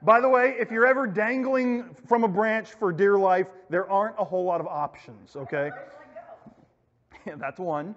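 High-pitched male youth pastor, casual Bible lesson, echoey hall, muffled lo-fi recording. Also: moderate pace, fairly bright tone. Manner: casual, storytelling, acts out quotes.

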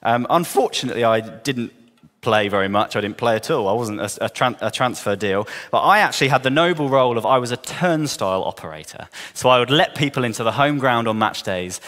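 A man with a southern English accent preaching a sermon, earnest, rising to emphatic questions and dropping soft. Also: mid-range voice, animated, fairly quick, in a large hall. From southern England. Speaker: pastor. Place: church hall.

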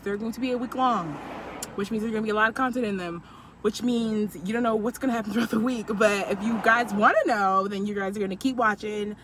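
A woman's voice: mid-range voice, fairly bright tone. A woman in her twenties talking to camera from her car about her week, chatty and heartfelt. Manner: chatty and heartfelt, gets emotional and tearful. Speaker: vlogger. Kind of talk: casual vlog talk to camera. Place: parked car with the window down. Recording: car window open to street traffic. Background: passing traffic.

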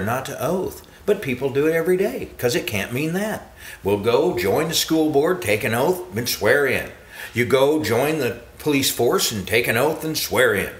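A man preaching a sermon with emphatic repetition, often jumping to high exclamations. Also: fairly bright tone, reverberant.

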